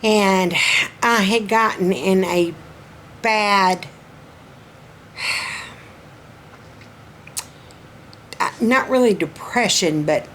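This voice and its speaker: Slow-talking Southern woman, folksy and chatty. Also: medium pitch, slight background noise. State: throat strained. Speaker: vlogger. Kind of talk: casual personal update vlog.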